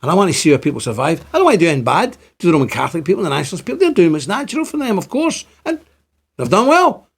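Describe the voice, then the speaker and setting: A man's voice: fairly high pitch, big pitch swings, racing, vocal fry, husky. A man in his fifties with a Northern Irish accent tinged by Scotland, giving an impassioned, repetitive monologue to camera. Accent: Ulster Scots-tinged Northern Irish. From Northern Ireland. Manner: impassioned, repetitive, rising to exclaim.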